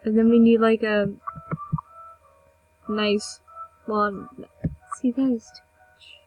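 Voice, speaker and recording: A woman's voice: a little high, flat delivery, slow, a little mellow, dry recording, faint music behind, poor audio. A young woman giving casual, chatty commentary over a game she is playing, mocking herself and now and then dropping into a whisper. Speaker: gameplay video maker.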